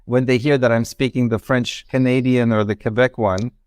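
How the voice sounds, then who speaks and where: A man speaking as a guest in a casual chat, explaining things in a relaxed way with plenty of "you know" and "like". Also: mid-range voice, normal speed, clean tone, no echo, studio quality.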